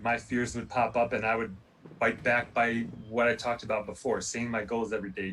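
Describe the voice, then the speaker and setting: A man's voice: mid-range voice, recorded from a distance, a little hiss or hum, rough recording. A man, an Olympic athlete, telling his story casually and animatedly, acting out what people said. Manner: animated, acts out quoted dialogue, many "like" fillers.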